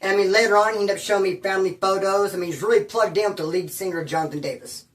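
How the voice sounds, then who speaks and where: A man's voice: sits high, fairly even intonation, rapid-fire, fairly bright tone, distant mic. A man from California casually telling a prison story in rambling, slang-heavy talk. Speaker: former inmate telling prison stories.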